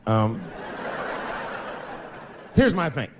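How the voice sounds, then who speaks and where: A man's voice: medium pitch, expressive, fast talker, noisy background. A man in his fifties from the United States, telling a stand-up story on stage before a live audience, casual and profane, acting out the voices of people he quotes. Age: 50s. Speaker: stand-up comedian.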